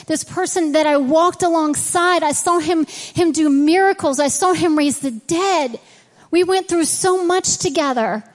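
A woman's voice: sits high, in a large hall. A woman preaching a sermon in a church, reading scripture and praying, earnest and conversational. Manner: earnest and conversational, acting out quoted dialogue. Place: church sanctuary.

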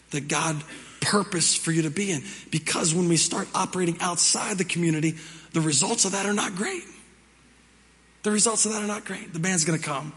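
High-voiced male pastor preaching in a hall. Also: a bit bright. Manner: conversational, repeats phrases for emphasis. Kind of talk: sermon. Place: church hall. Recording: reverberant hall with music behind.

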